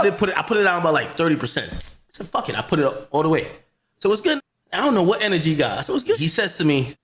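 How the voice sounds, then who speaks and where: Heated man ranting, high voice. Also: sing-song, very fast. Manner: swears a lot, repeats himself, grows loud and shouting. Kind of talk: heated storytelling rant.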